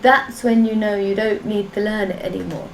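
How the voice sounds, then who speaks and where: A woman's voice: mid-range voice, steady tone, moderate pace, a little hiss or hum. A woman teaching a live-streamed class, patiently chanting syllables in a sing-song and joking with her students. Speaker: language teacher. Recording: echoey room with music behind.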